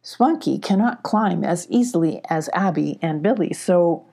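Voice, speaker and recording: A cheerful, talkative young girl, as a woman reading a storybook puts her on. Her chatter sounds light and friendly over a gravelly, husky base. The tone is warm and mellow rather than bright. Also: on the low side, expressive, unhurried, heavily acted.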